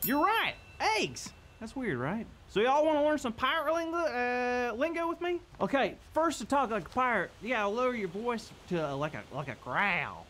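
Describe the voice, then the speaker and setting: A man voicing a goofy, excitable male kids-show character who wants to be a pirate, in a silly children's show skit with jokey pirate growls. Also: very high voice, normal speed, hardly any pauses, slight background noise, full character voice. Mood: playful. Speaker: co-host.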